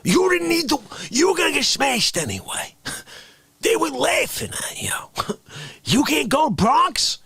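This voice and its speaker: An indignant loudmouth , as a man puts him on, hurls outraged questions in a high, swooping shout. Then he drops into hissed whispers. His voice is gravelly and husky, and it sounds dry and close. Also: huge pitch swings, a little slow, crowd noise, heavily acted. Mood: ranting. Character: indignant loudmouth man scolding chat viewers. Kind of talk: improvised comic rant.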